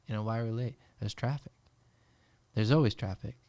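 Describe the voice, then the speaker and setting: A business owner talks through his thoughts on accountability, steady and reflective. His voice is on the low side for a man, and it is recorded dry, with no room sound. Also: brisk, no echo. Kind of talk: casual podcast conversation.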